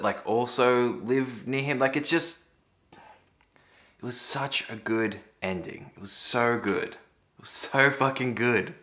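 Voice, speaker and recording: A man's voice: mid-range voice, a bit bright. A man gives a casual film review with enthusiasm, laughing often and swearing freely.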